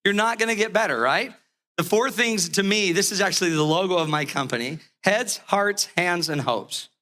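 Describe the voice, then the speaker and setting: A middle-aged male speaker with a high voice gives an energetic talk from the stage. His tone is bright and forceful, and he acts out a funny family story, laughing at himself as he goes. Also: moderate pace. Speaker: relationship educator giving a talk.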